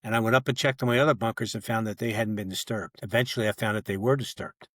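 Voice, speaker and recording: A man's voice: on the low side, fairly even intonation, fast talker, fairly bright tone, no echo, clean studio sound. An older man, a retired federal agent, telling a long story in casual podcast talk and acting out both sides of old conversations. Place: podcast recording setup.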